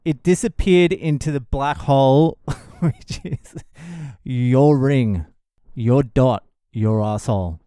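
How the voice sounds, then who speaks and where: A man's voice: mid-range voice, a little slow, mellow, smooth, no echo, studio quality. A man who is a comedian hosting his own podcast, telling comic stories in a blunt, profane way and laughing at his own jokes. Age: adult father of a young child. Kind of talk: profane comic storytelling monologue.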